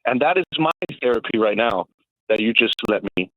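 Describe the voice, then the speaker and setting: A man phones in to sports radio, talking it through in a reflective, conversational way. His mid-pitched voice rises and falls freely over a tinny phone line. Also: animated, fairly quick, slight background noise. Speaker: caller. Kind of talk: radio call-in.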